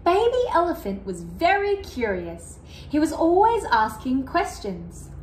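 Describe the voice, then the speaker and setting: Woman reading a kids' picture book, high lively voice, slow, echoey room. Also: slight background noise. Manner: animated, asking the listener questions. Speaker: children's storyteller.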